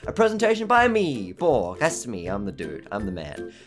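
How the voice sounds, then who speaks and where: A man's voice: lowish voice, wildly swooping pitch, moderate pace. A young man with an Australian accent giving a casual, rambling online presentation and often restarting his sentences. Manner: rambling, frequent restarts, laughs at himself. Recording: faint background music.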